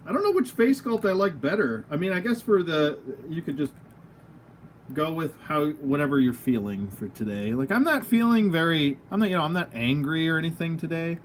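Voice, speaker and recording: A man with a slightly raised, very lively voice hosts a loose toy review at his table. He rambles, trips over his words and chuckles at his own jokes. A faint hum of room sound sits behind him. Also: fairly high pitch, fairly quick. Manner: rambling, goofy, laughs at himself. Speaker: toy reviewer, channel host. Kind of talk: casual unscripted product review. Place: at home, at a table of figures.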